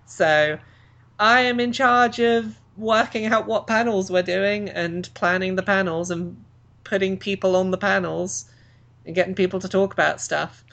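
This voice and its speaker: A chatty woman hosting a relaxed podcast conversation. Her pitch sits in the middle range. She laughs easily and talks freely. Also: measured pace, creaky. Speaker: podcast host and convention track organizer. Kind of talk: casual chat.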